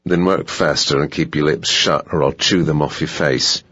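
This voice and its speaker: A man's voice: very deep voice, fairly even intonation, moderate pace, fairly bright tone, no echo, dull audio. A man voicing a cold, menacing operative with a South African accent who makes curt, icy threats.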